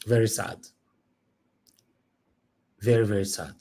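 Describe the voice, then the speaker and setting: A man with a Nigerian accent hosting a casual news reaction stream, animated and mixing Pidgin with English, often asking "Eh?". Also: fairly low pitch, takes it slowly, creaky. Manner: animated, switches between Pidgin and English, exclaims "Eh?". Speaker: news commentary host.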